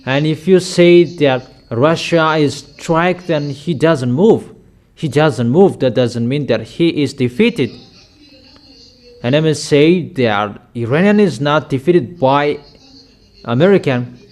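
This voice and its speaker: A man preaching a sermon in loose, non-native English, slow and emphatic, with sudden raised declarations. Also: a little high, lively intonation, a little mellow.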